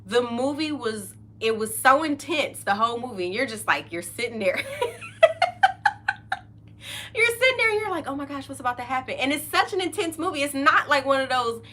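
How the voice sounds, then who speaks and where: Chatty middle-aged woman, bright tone. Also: high voice, lively intonation, brisk, hardly any pauses, slight background noise. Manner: chatty and open, laughs often, trails off mid-sentence. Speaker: podcast host. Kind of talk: casual chat.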